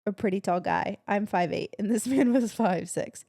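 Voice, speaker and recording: Young woman, podcast co-host, gravelly fry, dry close sound, blunt, laughs a lot. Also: mid-range voice, moderate pace, mellow, no echo. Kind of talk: casual chat.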